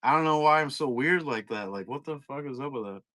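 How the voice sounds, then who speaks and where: A man running a card break stream, talking loose and rambling with plenty of cursing. His voice is bright and forward, and it sounds dry and close with hardly any room around it. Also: medium pitch, a little fast, dry recording. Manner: rambling, profane, laid-back. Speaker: trading card break seller. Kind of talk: casual livestream chat.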